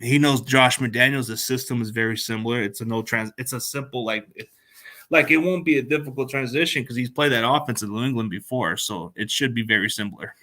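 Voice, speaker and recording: Bright-voiced joking sports co-host man. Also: medium pitch, a little fast. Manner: joking, playful, loose. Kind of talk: casual sports chat.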